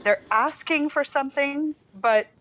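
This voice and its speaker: Woman co-host, calm and explanatory, slightly lo-fi recording. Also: high-pitched, measured pace. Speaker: parenting podcast co-host. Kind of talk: casual chat.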